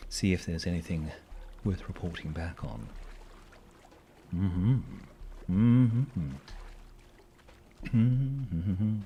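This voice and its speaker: A hoarse man chatting casually while streaming a game, playful and rambling, with silly sing-song asides. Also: low-pitched, extremely slow, long pauses, warm tone, a little hiss or hum.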